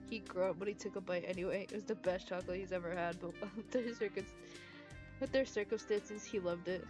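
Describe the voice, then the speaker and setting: A woman's voice: medium pitch, steady tone, brisk, music in the background. A woman streamer reading fanfiction aloud in a casual way, stumbling over words and giggling.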